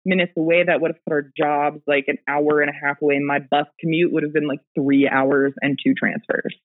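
A woman's voice: deep voice, level tone, a little fast. A woman guest casually telling a personal ghost story, rambling with fillers and little laughs, heard over a remote call. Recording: tinny phone-line audio.

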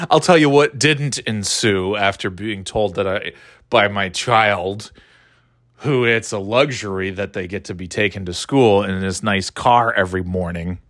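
A man's voice: on the low side, a little slow, fairly bright tone, no echo. Profane, sarcastic man on a dry mic. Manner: frequent restarts and stumbles. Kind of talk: rambling casual rant.

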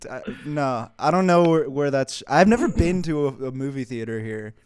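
A man's voice: mid-range voice, expressive, normal speed, darkish tone, slight background noise. A young man co-hosting a podcast, talking casually in a crude, offhand way with hesitant fillers. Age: young adult. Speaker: podcast co-host. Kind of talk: casual chat.

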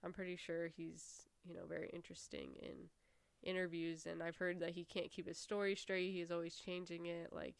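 A young woman in casual podcast chat, talking in a relaxed way and hedging her thoughts. Her low voice is smooth and clear with a creaky fry, recorded close and dry. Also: normal speed, no echo. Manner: laid-back, many "like" and "I don't know" fillers. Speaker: podcast co-host. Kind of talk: casual true-crime chat.

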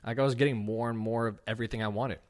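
A man's voice: medium pitch, rapid-fire. Profane young man telling a story. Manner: casual, profane, heavy use of "like"; animated retelling with quoted dialogue. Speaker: podcast host. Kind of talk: raw unscripted storytelling.

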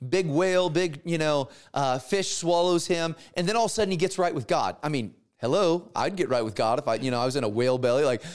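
A man teaching a Bible class in a casual, animated way, retelling stories with slangy asides and acted-out characters. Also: a little high, fairly quick, few pauses, smooth.

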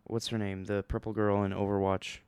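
A young man telling a rambling, excitable story in a casual vlog, with many fillers and restarts. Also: fairly low pitch, brisk, smooth, dry recording.

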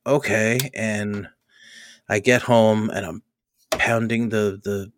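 A man telling a personal story in a casual podcast chat, animated and acting out the people he quotes, often laughing. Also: lowish voice, slow, a little hiss or hum. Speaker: podcast host.

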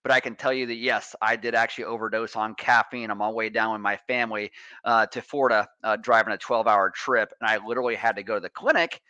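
A man's voice: fairly low pitch, steady tone, quick pace, bright, forceful tone, no room sound, lo-fi sound. A middle-aged man co-hosting a casual movie review podcast, rambling through stories with many fillers. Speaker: podcast co-host.

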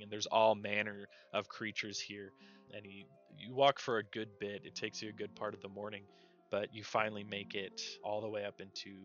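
A man narrating a tabletop game as game master in a relaxed, rambling way with fillers. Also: fairly low pitch, highs cut off.

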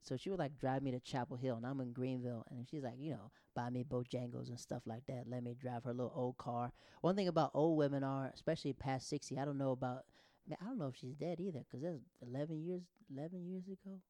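A man's voice: mid-range voice, quick pace, dry recording. A man in his thirties doing stand-up, telling rambling stories that interrupt themselves. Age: 30s. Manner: rambling, self-interrupting, animated. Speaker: stand-up comedian. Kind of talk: stand-up storytelling.

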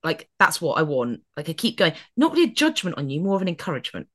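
A woman's voice: low-pitched, huge pitch swings, fast talker. A woman co-hosting a podcast in casual chat, playful and swearing freely as she acts out mock rants. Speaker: podcast co-host.

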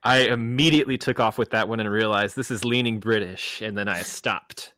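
A man's voice: on the low side, fairly quick, bright, forceful tone, no echo. A man hosting a casual podcast where two friends show each other films, joking at his own slips. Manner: self-deprecating, restarts intro. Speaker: podcast host.

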